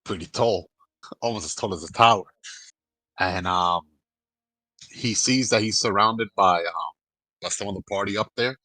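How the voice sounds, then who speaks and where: A man's voice: fairly low pitch, moderate pace, pauses often, sharp tone, no echo, low-quality recording. A man playing a tabletop game, describing his character's spell in a rambling way, full of ums and likes. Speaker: player.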